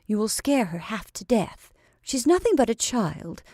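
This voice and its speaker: A woman reading aloud voices a kindly, careful countrywoman who speaks gently and soothingly. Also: a little high, big pitch swings, a little slow, dry recording, studio quality, voice pushed up, full character voice.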